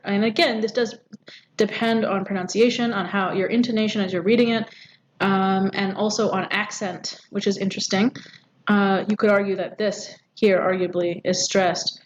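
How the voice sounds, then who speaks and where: A woman teaching a poetry lesson, explaining step by step with frequent ums and rhetorical questions. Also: mid-range voice. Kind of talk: recorded poetry lecture. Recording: dull audio with faint background noise.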